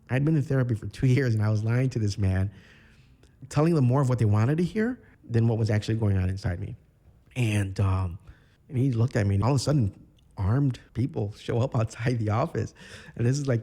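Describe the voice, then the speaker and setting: A man from Chicago, a podcast guest, telling his own story in a candid, reflective way with halting restarts. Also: on the low side, gravelly, dark tone. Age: 30s. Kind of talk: personal storytelling interview.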